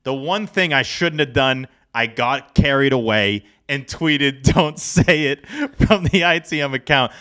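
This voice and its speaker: Podcast guy rambling about his team, bright tense voice, lots of restarts. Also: mid-range voice, measured pace, few pauses, clean tone. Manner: animated, rambling, self-deprecating. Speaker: podcast co-host. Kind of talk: casual sports podcast chat.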